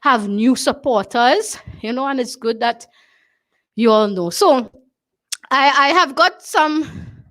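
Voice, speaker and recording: A woman's voice: sits high, expressive, takes it slowly, long pauses, a bit bright. A Trinidadian woman hosting a talk show, speaking emphatically, repeating her phrases and often asking "you understand?". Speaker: show host.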